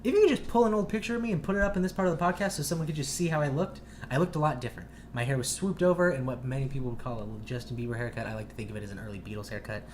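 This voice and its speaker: A man's voice: medium pitch, very fast, few pauses, a little hiss or hum. Young man telling a profane, rambling story. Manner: rambling, profane, animated retelling. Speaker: podcast co-host. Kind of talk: casual storytelling chat.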